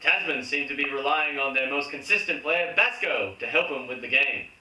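Reading out a match summary in a jokey, faux-formal commentator style, an Australian host presents a comic football recap. His medium-pitched voice is bright and forceful at a moderate pace, picked up by a distant mic in a roomy space.

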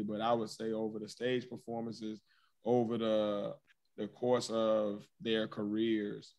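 A man co-hosting a podcast, giving blunt, profane opinions in relaxed slang. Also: on the low side. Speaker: podcast co-host. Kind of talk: casual debate chat.

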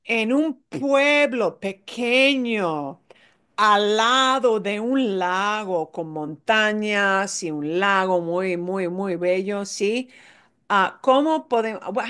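A woman with a mid-range voice teaches Spanish in an online language class, taking her time and moving between English explanations and Spanish examples. She patiently and steadily drills vocabulary by repeating words again and again.

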